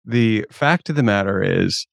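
A man's voice: on the low side, expressive, a little slow, vocal fry, no room sound, clean studio sound. A man co-hosting, chatting casually with a wry, self-deprecating manner. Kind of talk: casual chat.

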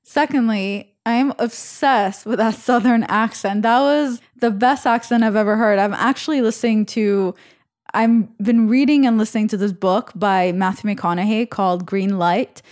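A woman's voice: a little high, moderate pace, darkish tone. Frank woman hosting a podcast. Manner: opinionated, giving frank dating advice. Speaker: podcast host. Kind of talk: casual podcast chat.

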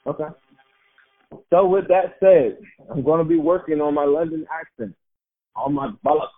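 Chatty sports podcast host, tinny line. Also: male voice, on the high side, fairly even intonation, normal speed, soft background music. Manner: loose, chatty and self-mocking, laughs easily. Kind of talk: casual sports podcast chat.

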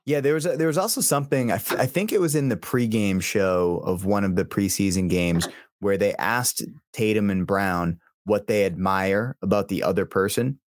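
A man's voice: on the low side, normal speed, no room sound, studio quality. A man co-hosting a casual sports podcast, telling stories in an easygoing way and stumbling over his words. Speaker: podcast co-host.

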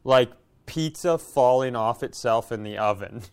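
Middle-aged guy, smooth clear voice, jokes about himself, casual comedy chat. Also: medium pitch. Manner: self-mocking jokes, quick laughs. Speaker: podcast co-host.

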